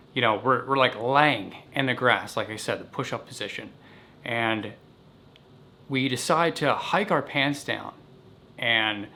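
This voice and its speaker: A man casually recounting a childhood story in an animated, vivid way. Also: medium pitch, slight background noise.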